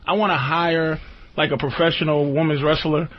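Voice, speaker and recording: Radio host type, man, high lively voice, profane comic ranter, muffled lo-fi broadcast sound. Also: normal speed, slight background noise. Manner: animated, swings into high squeaky outbursts, laughs often.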